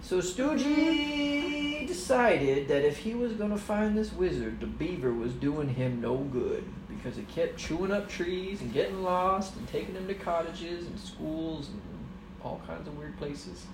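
Mom making up a goofy story for the kids at home, echoey room, noisy. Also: female voice, fairly low pitch, animated, a little slow, far from the mic. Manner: playful, rambling, laughs while telling. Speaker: mother telling a story to her kids. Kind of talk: improvised storytelling.

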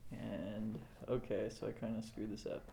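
A man's voice: lowish voice, flat delivery, moderate pace, gravelly, heavy background noise. A man running a family tabletop game as game master, narrating playfully and often laughing.

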